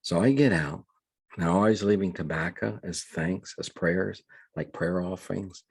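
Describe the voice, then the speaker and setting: An older man, telling a long personal story as an interview guest in an earnest, halting way with many restarts. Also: low voice, gravelly, breathy edge, no echo. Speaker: guest, reverend. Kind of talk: conversational storytelling.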